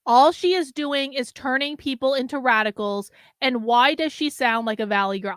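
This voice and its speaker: A woman's voice: high-pitched, moderate pace, hardly any pauses, no room sound, studio quality. A woman hosting a reaction commentary show, talking back to a clip in a blunt, sarcastic, mocking way.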